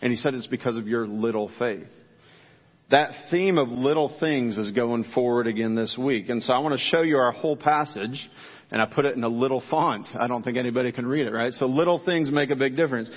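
A man's voice: mid-range voice, brisk. A middle-aged man preaching a sermon to his congregation in a casual, joking way, talking straight to the people. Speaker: pastor. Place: church sanctuary. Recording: dull sound with long church reverb.

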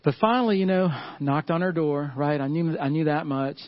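A man's voice: fairly high pitch, fairly quick. A middle-aged man, a pastor, preaching a casual storytelling sermon in church. He chuckles often and addresses the congregation as y'all. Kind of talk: conversational sermon. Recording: slightly muffled recording.

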